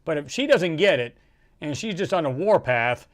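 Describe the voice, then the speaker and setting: Male livestream host, slightly higher pitch, rambling and animated, casual chat reading viewer comments. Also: moderate pace.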